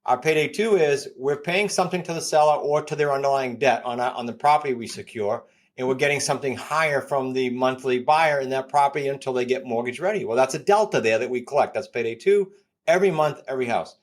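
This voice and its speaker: A man in his fifties with a New England accent, a guest on a podcast interview, pitching his ideas with energy and repeating key points. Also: quick pace. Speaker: guest, real estate coach.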